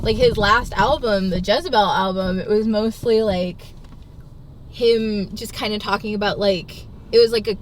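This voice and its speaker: A woman's voice: medium pitch, moderate pace. A bubbly woman guest telling stories in casual chat, laughing often and saying "like" a lot, recorded inside a car. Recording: loud car and road noise.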